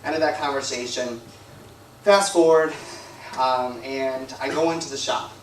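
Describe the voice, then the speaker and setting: A man's voice: medium pitch, unhurried, slight background noise. Rambling man preaching in echoey hall. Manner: rambling, conversational, heavy on "like" and "you know". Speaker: guest preacher. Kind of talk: storytelling sermon. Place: church hall. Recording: echoey room, from a distance.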